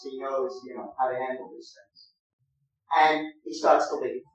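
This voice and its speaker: A man's voice: medium pitch, steady tone, normal speed. A man teaching an acting master class, giving directions and demonstrating lines aloud. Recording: echoey room, distant mic, dull sound.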